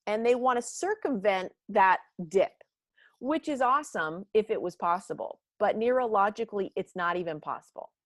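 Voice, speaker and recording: Lively woman leading a workshop. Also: mid-range voice, normal speed, no echo, studio quality. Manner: animated, acts out quoted voices. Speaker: workshop leader. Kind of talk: leadership workshop talk.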